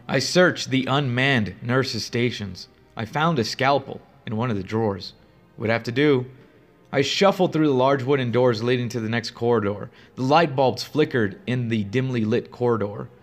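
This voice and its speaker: Male horror narrator, steady and grave, mid-pitched, faint music bed. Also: moderate pace. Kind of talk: first-person horror story narration.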